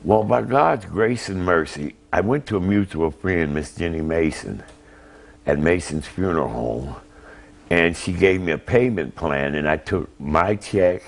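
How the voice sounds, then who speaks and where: Deep-voiced older man, plain-spoken. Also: animated, measured pace, gravelly. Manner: plain-spoken, polite, answers with "yes, ma'am". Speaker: interview guest, grandfather. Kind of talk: emotional personal account.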